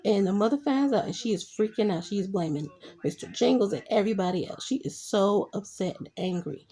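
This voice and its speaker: A woman's voice: mid-range voice, brisk, mellow, slightly rough. A young adult woman chatting casually as she recaps TV episodes, adding her own reactions along the way. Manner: chatty retelling full of "I'm like" reaction asides. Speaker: TV show reviewer.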